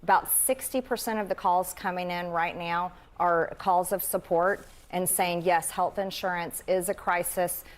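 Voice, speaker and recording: A woman's voice: on the low side, fairly even intonation, measured pace, hardly any pauses. A woman with an American Southern accent answering as a congresswoman in a news interview, firm and practiced in her talking points.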